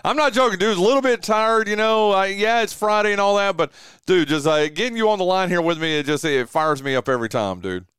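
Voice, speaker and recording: A man's voice: high-pitched, quick pace, a bit bright, smooth, no room sound, studio quality. A man hosting a casual radio chat show, laid-back and calling his guest "dude" often.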